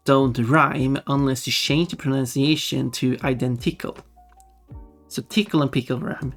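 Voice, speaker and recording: Livestreamer, casual chat, drawn-out pace, laughs a lot. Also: mid-range voice. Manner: chatty, musing, laughs often. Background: faint background music.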